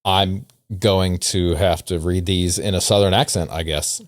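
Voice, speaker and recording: A man hosting a laid-back podcast chat, wandering through his points with wry, self-deprecating asides. His voice is a touch low and sounds dry and close, with no room echo. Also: steady tone, measured pace. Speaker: podcast host.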